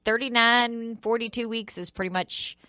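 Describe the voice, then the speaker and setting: Woman radio host, bright voice, teasing banter, dry studio sound. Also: on the high side, fairly even intonation, clean tone, no echo. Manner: teasing, quick quips. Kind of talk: casual chat.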